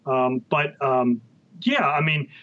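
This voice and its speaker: A man answering interview questions as a guest author, halting and full of ums and restarts. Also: mid-range voice, animated, a bit bright. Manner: hesitant, many ums and restarts. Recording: muffled lo-fi sound.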